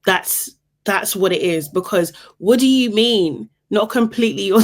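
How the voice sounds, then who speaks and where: Young woman recap host, sarcastic and animated, mid-pitched voice, laughs a lot. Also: unhurried. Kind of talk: casual recap commentary.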